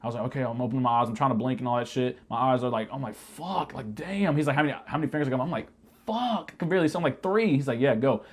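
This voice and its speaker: A man in a casual storytime vlog, retelling an army-style ordeal with heavy swearing and animated, shouted asides. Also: medium pitch, very fast, few pauses. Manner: profane, animated retelling that shouts quoted lines. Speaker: vlogger telling a military story.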